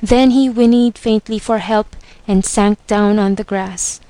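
A woman narrating a storybook with a measured, expressive reading. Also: mid-range voice, no room sound. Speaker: reader.

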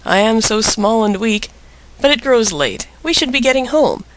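A sly little partridge hen from a storybook chirps her lines, as a man reads her aloud. The voice sits high and bounces, airy and quick-witted. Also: sing-song, fairly bright tone, slight background noise, heavily acted, rough recording. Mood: mournful. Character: small cunning female partridge, airy.

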